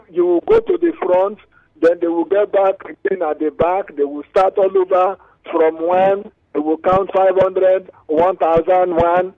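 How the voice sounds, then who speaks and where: A male caller speaking on a phone-in radio show, animated and preachy, dragging out words for emphasis. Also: sits high. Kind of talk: phone-in call. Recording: tinny phone line on radio.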